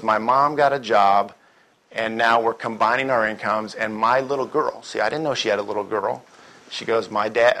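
A man's voice: fairly low pitch, a bit bright. Man telling stories in a folksy sermon. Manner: storytelling, mimics voices, rhetorical questions. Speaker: church speaker. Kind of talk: conversational sermon with acted-out stories.

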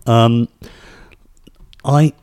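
A man's voice: mid-range voice, steady tone, extremely slow, a little mellow, clean tone. A man from the UK hosting a solo podcast, talking conversationally and pressing points with emphasis. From United Kingdom. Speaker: podcast host.

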